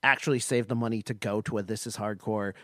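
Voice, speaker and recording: A man in casual chat, speaking haltingly with many restarts and fillers. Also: fairly low pitch, steady tone, bright, forceful tone, no echo, clean studio sound.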